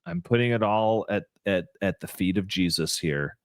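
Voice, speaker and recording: A man's voice: lowish voice, normal speed, no echo. A man hosting a podcast, asking questions with affirming comments and short interjections. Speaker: podcast host.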